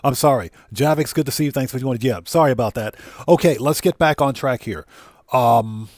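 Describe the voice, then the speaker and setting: A man's voice: mid-range voice, a little fast, a little mellow, no echo, clean studio sound. A man from the United States hosting a game livestream with no face cam, greeting chat viewers one by one, heartfelt and casual, talking into a desk mic. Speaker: livestream host.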